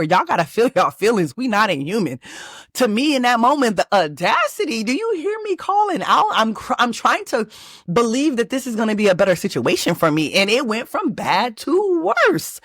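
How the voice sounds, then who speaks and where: A woman from Texas, hosting her own channel and telling a personal story in a lively, emphatic way with many restarts. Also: fairly low pitch, no room sound, clean studio sound. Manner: animated, emphatic, lots of restarts and fillers. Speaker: manifestation channel host.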